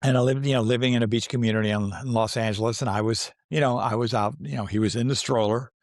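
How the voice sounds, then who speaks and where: A man's voice: mid-range voice, steady tone, quick pace, dry recording, clean studio sound. Older man telling rambling stories. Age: 60s. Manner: rambling, restarts often, laughs while telling stories. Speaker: actor guest. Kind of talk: casual storytelling interview.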